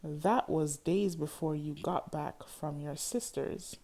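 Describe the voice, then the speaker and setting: A woman reading the lines of a tender, apologetic man in an audiobook, in a soft, pleading way. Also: deep voice, takes it slowly, vocal fry, heavily acted. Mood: explaining.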